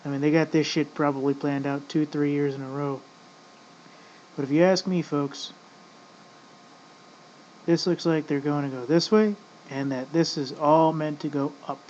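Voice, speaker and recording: A man's voice: fairly high pitch, steady tone, normal speed, long pauses, a little mellow. A man in casual ranting commentary, rambling and profane, often addressing "folks". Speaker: vlogger. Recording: dull lo-fi audio with faint noise.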